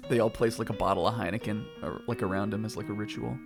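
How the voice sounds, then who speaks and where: A man's voice: on the low side, steady tone, quick pace, creaky, music in the background. A man streaming a game with casual, giggly commentary, swearing and voicing characters. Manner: giggly, swears, voices characters between remarks. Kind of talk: casual let's-play commentary.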